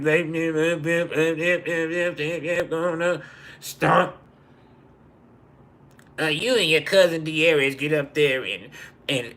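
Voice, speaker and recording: A man hosting a live stream, telling rambling, profane comedic stories in an animated way. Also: medium pitch.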